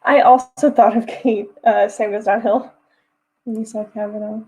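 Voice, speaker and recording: A young woman hosts a writing livestream, casually chatting with viewers and reading comments, giggling often and restarting loose phrases. Her medium-pitched voice is husky and darkish, steady at normal speed, on a rough recording.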